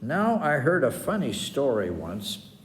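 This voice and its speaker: A man's voice: medium pitch, wildly swooping pitch, a little slow, slight background noise. An older man from Wisconsin tells folksy stories for children, rambling along with chuckles and asides. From Wisconsin, USA. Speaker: storyteller. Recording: echoey room with long reverb.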